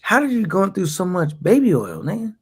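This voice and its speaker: A man's voice: sits high, huge pitch swings, a little fast, husky, no room sound. A man in casual, profane podcast banter, teasing and laughing.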